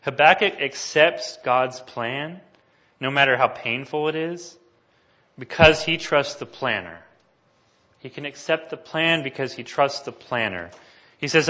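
A man's voice: mid-range voice, measured pace, sharp tone, highs cut off. A man preaching a sermon, reading scripture passages aloud with rising emphasis and talking casually to the congregation between them. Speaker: pastor.

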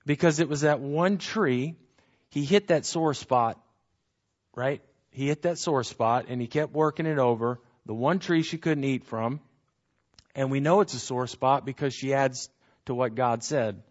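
A man teaches from the Bible conversationally and with animation, posing rhetorical questions and acting out the quotes he reads. His voice is mid-range at a measured pace, and the audio has its highs cut off.

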